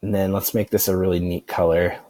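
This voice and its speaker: Guy with a lowish voice doing a chill screen tutorial, lots of ums and likes, dry sound. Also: a little fast, dry recording. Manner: relaxed, rambling, many fillers and restarts. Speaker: online marketing instructor. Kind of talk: casual screen-recorded software tutorial.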